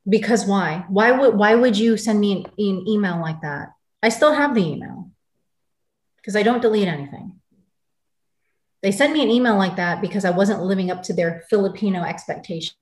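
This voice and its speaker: In a mid-range voice at normal speed, an American woman in her forties shares her story as an interview guest. She is angry, intense and blunt, and the room gives the recording a noticeable echo.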